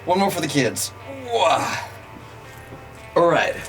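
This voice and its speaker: A man's voice: medium pitch, expressive, moderate pace, a bit bright, poor audio. Young guy streaming, joking with chat, voice bouncing all over, bit of music behind. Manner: playful, joking with chat, counting out exercise reps. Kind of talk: casual live-stream chat.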